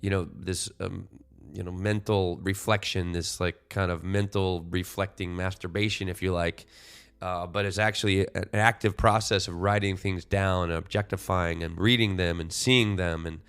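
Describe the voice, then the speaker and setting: A man's voice: low-pitched, steady tone, normal speed, fairly bright tone, clean tone. A man in his forties hosting a solo podcast, talking in a rambling, reflective way and often correcting himself. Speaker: podcast host.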